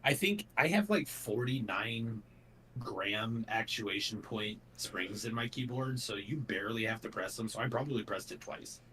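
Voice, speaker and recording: A man's voice: on the low side, expressive, moderate pace, pushed and bright. Man in his thirties, joking, laid-back, far from the mic, faint hiss. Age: 30s. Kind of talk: casual chat over voice call. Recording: distant mic with faint noise.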